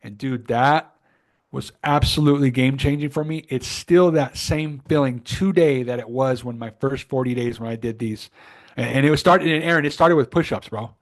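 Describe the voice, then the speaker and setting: A man co-hosting a podcast, coaching listeners in an earnest, emphatic style. His voice sits at an ordinary middle pitch, and he leans hard on his key points. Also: normal speed. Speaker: podcast co-host. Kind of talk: casual motivational chat.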